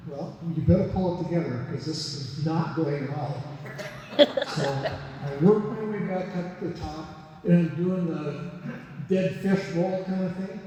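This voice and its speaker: A man's voice: a little high, dark tone, a little hiss or hum. A man in his seventies, a guest speaker at a recovery meeting, telling a story and teasing the audience. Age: 70s. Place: meeting room. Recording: echoey hall from far off.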